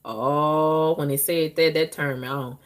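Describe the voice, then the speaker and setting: A woman vlogging, telling her viewers a story in a blunt, profane, animated way. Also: sits low, measured pace.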